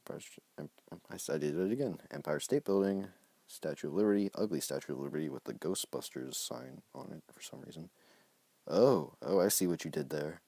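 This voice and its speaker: A man with a low, deep voice reads his own comic on a phone live stream. He keeps breaking off for jokey, self-mocking asides. The sound is dry and close. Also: big pitch swings, brisk, gravelly, warm tone, no room sound. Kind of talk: casual live-stream reading with commentary.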